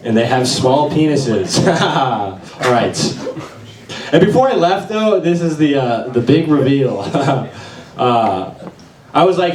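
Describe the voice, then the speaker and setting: A young man doing open mic stand-up in a small venue, with a halting, awkward delivery full of fillers. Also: a little high, expressive, a little mellow. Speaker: stand-up comedian. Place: small bar venue with audience. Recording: echoey room, voice far from mic.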